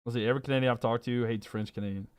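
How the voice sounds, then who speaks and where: Casual male streamer, Southern US accent, rambling and laughing, mid pitch, dry close mic. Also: fairly even intonation, racing, smooth, no room sound. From American South. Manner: laid-back, rambling, fillers, laughs often. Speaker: sports streamer. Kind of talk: casual live-stream chat reading comments.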